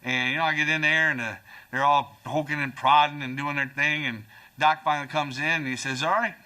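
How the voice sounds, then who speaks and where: Animated forties stand-up comic, bright and slightly high, heard from a distance. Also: male voice, brisk. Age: 40s. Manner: animated, jumps to high voices for acted-out lines. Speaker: stand-up comedian. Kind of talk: stand-up routine.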